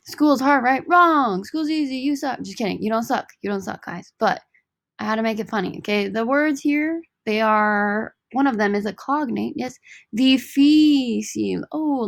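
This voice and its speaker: A woman teaches a recorded Spanish lesson in an upbeat, joking way, saying each word slowly and more than once. Her voice has a gravelly, fried edge. The sound is dry and close, with no room around it. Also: medium pitch, fairly bright tone, no room sound.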